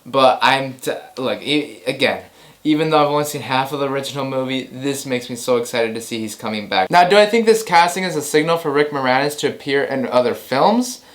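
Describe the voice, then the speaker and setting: A man hosting a casual movie news show, excitable and rambling, often repeating himself. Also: medium pitch, a little fast.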